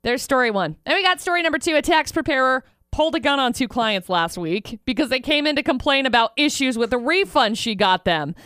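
Woman, high voice, crisp and smooth, playful storyteller, dry close sound. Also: expressive, a little fast, hardly any pauses, a bit bright, no echo. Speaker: co-host. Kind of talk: casual news chat.

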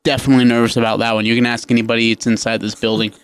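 A man's voice: medium pitch, very fast, clean tone. A male sports radio co-host telling stories in casual chat, laughing often and acting out quotes. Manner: animated storyteller, laughs often, acts out quotes.

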